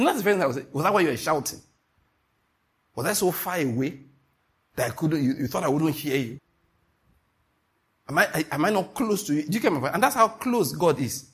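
A middle-aged man preaching a sermon, an animated storyteller who acts out the voices in his stories. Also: a little high, husky. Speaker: pastor.

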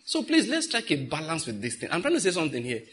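Middle-aged pastor, slightly raised pitch, conversational sermon with questions to the congregation. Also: male voice, wildly swooping pitch, quick pace, fairly bright tone.

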